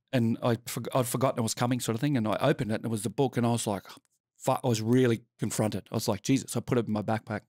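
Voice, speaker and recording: A middle-aged Australian man, a podcast guest, telling his story in a candid, sweary and animated way. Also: mid-range voice, no echo, studio quality. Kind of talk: casual interview storytelling.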